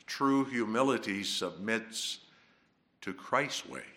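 A man preaching a sermon, emphatic and dramatic, swinging from hushed to loud. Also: lowish voice, slow pace.

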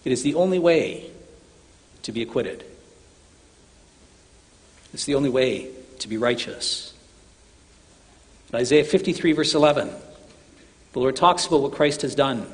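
A man's voice: mid-range voice, measured pace, pauses often. A man preaching an earnest sermon, addressing his listeners as brothers and sisters, with long hall reverb.

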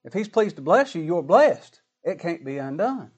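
A man's voice: on the high side, big pitch swings, moderate pace, a little mellow, breathy edge. A man preaching a sermon in a folksy, dramatic style, with plain colloquial grammar and rising, emphatic lines.

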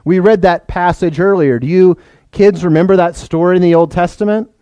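A man's voice: high-pitched, a little fast, mellow, clear, resonant tone, no room sound. A man preaching a sermon to his church, explaining plainly and putting questions to the children. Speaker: pastor.

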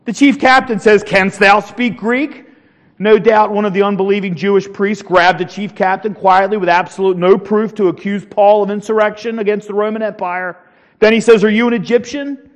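A man with a high-pitched voice delivers a dramatic sermon, rising to loud declarations and dropping to hushed lines as he acts out scripture and shouting crowds. His voice rings with a long hall reverb. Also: fairly even intonation, fairly quick. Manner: dramatic, swings from loud declaring to low near-whispers. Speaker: preacher.

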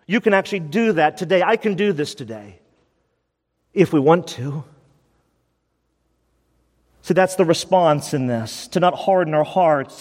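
Man, pastor, sermon, urgent, pleading, emphatic repetition, slightly high voice, church hall reverb. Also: animated, measured pace, long pauses, darkish tone. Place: church sanctuary.

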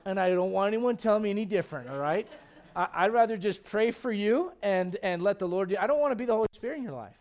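A man in his thirties, a pastor preaching a lively, conversational sermon with frequent restarts. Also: sits high, fast talker.

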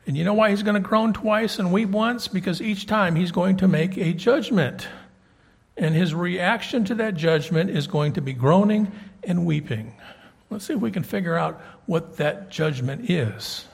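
A man preaching a sermon and reading scripture aloud, conversational and emphatic, swinging between loud and soft. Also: high-pitched, normal speed, creaky, slightly rough.

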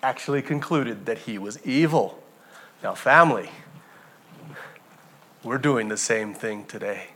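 A man preaching a sermon as pastor, telling stories with animated energy and addressing the congregation as family. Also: mid-range voice, measured pace, pauses often, breathy edge.

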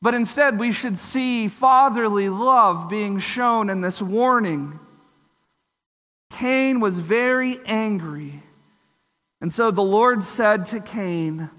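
Bright-voiced preacher in an echoing hall. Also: male voice, high voice, slow pace. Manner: earnest, explanatory, with brief voiced asides. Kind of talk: sermon.

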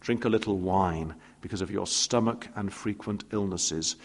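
A man's voice: sits low, moderate pace. A man preaching a sermon, telling stories with playful asides and acting out quoted voices. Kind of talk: expository sermon. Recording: long reverb of a church hall.

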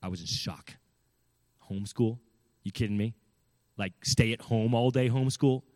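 A man's voice: medium pitch, normal speed, darkish tone, no echo. A man telling a personal story in an earnest, emphatic way, often asking his listeners questions. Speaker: speaker giving parenting advice. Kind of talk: storytelling talk.

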